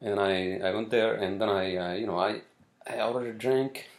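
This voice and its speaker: Exasperated gravelly-voiced man ranting. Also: lowish voice, steady tone, moderate pace. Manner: exasperated, swears often, many fillers and restarts. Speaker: vlogger. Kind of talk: casual ranting monologue. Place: city where he lives.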